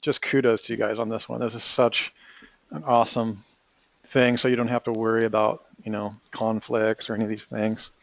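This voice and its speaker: A man's voice: fairly low pitch, flat delivery, fairly quick, creaky, no room sound. Upbeat male host, eager questions and praise, dry lo-fi call audio. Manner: enthusiastic, asks questions, praising. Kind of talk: web call chat.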